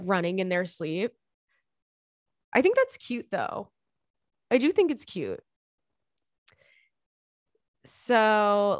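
A woman's voice: lowish voice, no echo, studio quality. A young woman hosting a podcast, chatting casually and reading listener emails in a sassy, giggly way. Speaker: podcast host.

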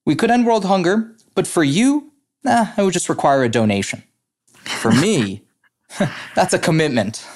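A man putting on a smug, high-voiced pig. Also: animated, normal speed, long pauses. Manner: high, playful, joke-telling voice. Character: pig in a bar joke, smug and knowing.

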